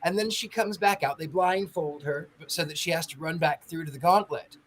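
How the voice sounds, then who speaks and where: A woman telling a lively story in casual panel chat, acting out the people she quotes. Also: low-pitched, moderate pace. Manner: animated storyteller who acts out quoted voices. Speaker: podcast panelist telling an anecdote.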